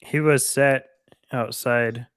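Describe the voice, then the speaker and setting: A man co-hosting a casual basketball chat, laid-back and quick to laugh, breaking down plays like an analyst. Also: mid-range voice, steady tone, clear, resonant tone, dry recording, studio quality. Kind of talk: casual live game chat.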